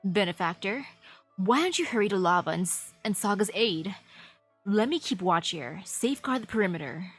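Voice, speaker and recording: A woman's voice: medium pitch, animated, normal speed, slightly rough, faint music behind, pitched below the performer's own voice. A woman voicing a refined, vain young man who speaks in a formal, old-fashioned way while holding a fan. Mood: courtly.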